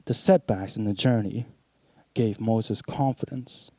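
Animated male preacher, mellow dry voice. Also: on the low side, unhurried, no echo. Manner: animated, swings from hushed to emphatic. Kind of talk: sermon.

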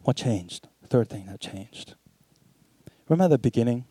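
A man preaching a sermon, swinging between hushed, low passages and emphatic, animated ones as he retells scripture. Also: moderate pace, slightly rough, dry recording.

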